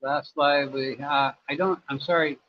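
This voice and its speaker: At home in Cambodia, a US-born man runs a laid-back livestream, answering viewer questions in a rambling, filler-filled way. His voice leans high and stays steady at a measured pace. The audio is slightly dull, with faint background noise.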